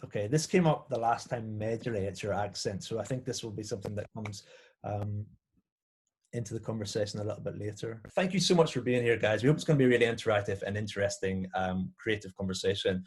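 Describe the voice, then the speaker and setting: A man's voice: lowish voice, fast, breathy edge. A man leading a group workshop who reads out answers and encourages the participants. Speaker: workshop facilitator.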